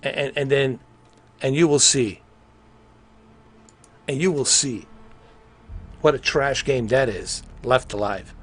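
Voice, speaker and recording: A man live-streaming a video game, rambling in excitable, casual commentary and swearing freely. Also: medium pitch, takes it slowly, long pauses.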